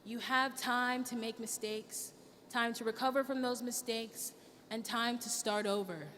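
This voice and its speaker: A young woman student delivers an earnest, emotional commencement speech to her graduating class. Her voice is fairly high and a bit bright, with a steady tone and a measured pace. It's picked up by a distant mic, with long hall reverb and faint background noise.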